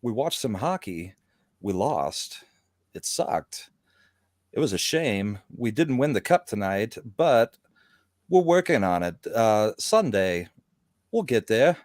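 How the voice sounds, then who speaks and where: A man telling his story in a relaxed, matter-of-fact way in a casual stream chat. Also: on the low side, slow pace, no room sound, clean studio sound. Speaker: guest.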